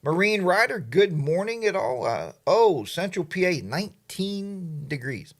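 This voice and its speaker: A man's voice: high-pitched, big pitch swings, measured pace. A middle-aged man hosting a casual livestream, chatty and playful, greeting viewers by name. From Pennsylvania, USA. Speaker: livestream host. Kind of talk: casual live chat.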